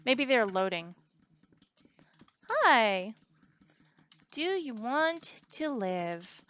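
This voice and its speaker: A woman's voice: medium pitch, a bit bright, smooth. A woman giving casual, chatty commentary while she plays a video game, laughing often. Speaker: game streamer. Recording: music playing under the voice.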